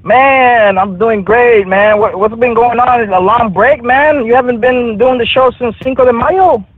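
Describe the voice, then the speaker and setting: A man putting on a brash high-voiced slang-talking caller. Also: unhurried, no room sound. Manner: heavy slang, calls everyone man and Holmes. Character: swaggering street-slang male caller, brash. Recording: tinny phone-like line.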